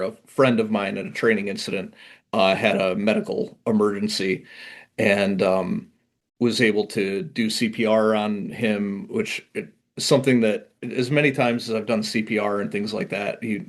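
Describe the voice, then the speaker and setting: A middle-aged man, a podcast guest, telling stories in a laid-back, self-deprecating way in casual chat. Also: fairly low pitch.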